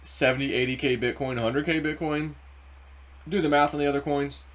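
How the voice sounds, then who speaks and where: A man hosting a casual crypto market commentary, rambling and animated, acting out quoted voices as he goes. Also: a little high, fairly quick. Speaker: crypto video host.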